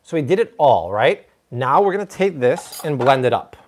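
A man's voice: mid-range voice, moderate pace, noisy background. A man hosting a live cooking stream from a kitchen, chatty and full of jokes. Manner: animated, jokey, chatty. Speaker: cooking show host.

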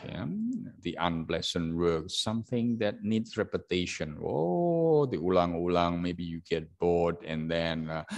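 Halting Indonesian-accented male teacher. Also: low-pitched, creaky. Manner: halting, many fillers, acts out example sentences loudly. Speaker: English teacher. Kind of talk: classroom teaching.

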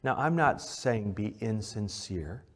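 A pastor preaching a sermon at a church service, swinging between loud, emphatic lines and quiet, low ones, and putting direct questions to the congregation. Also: male voice, expressive, slow pace.

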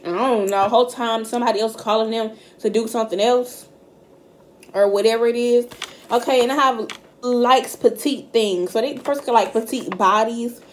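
A woman's voice: a little high, steady tone, moderate pace, a little hiss or hum. A woman giving a casual tarot reading straight to camera. She is blunt and profane and talks directly to her viewers. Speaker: tarot card reader. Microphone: camera mic.

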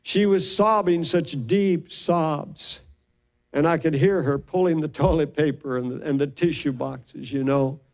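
A man's voice: a little high, a little slow. An older man, a pastor, telling stories in an earnest, emotional sermon and often restarting his sentences. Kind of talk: sermon storytelling.

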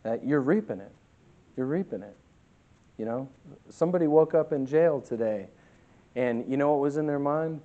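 With an expressive, medium-pitched voice, a pastor preaches forcefully, his volume rising and falling, and takes scripture readings slowly. The audio sounds dull.

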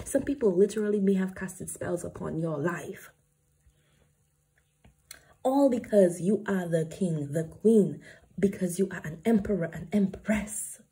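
A woman's voice: mid-range voice, mellow, husky. A woman giving an emphatic spiritual tarot reading to her viewers, preachy and casually profane. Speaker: tarot card reader.

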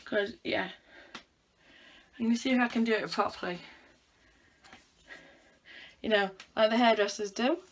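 A young woman from the United Kingdom chats casually at home in a vlog while styling her hair. Her voice is a little high and slightly fast with frequent pauses as she thinks aloud in a self-mocking, chatty way.

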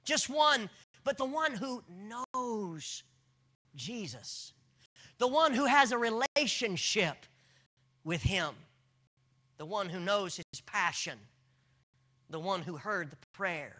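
A man's voice: on the high side, sharp tone. A man preaching a dramatic sermon at a church service, retelling a story with intense, storytelling delivery.

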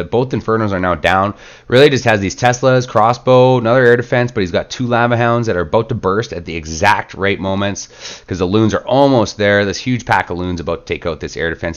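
A man hosting a gaming channel, relaxed and chatty in casual play-by-play commentary, sick and stuffed up. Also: on the low side, clean tone, muffled recording. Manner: relaxed, chatty, lots of filler words.

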